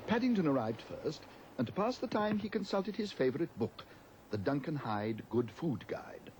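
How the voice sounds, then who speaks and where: A man reading a children's storybook aloud as narrator, gentle and expressive. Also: fairly high pitch, normal speed, slight background noise.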